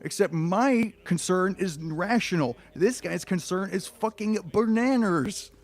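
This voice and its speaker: A man's voice: high voice, a little slow. Profane ranting male streamer. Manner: profane, sarcastic, exasperated. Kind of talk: ranting reaction commentary.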